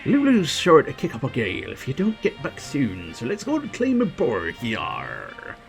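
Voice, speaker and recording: A man voicing a jolly, gruff pirate captain in a video game, with a growly drawl and hearty laughs. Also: mid-range voice, wildly swooping pitch, moderate pace, soft background music, voice pushed up.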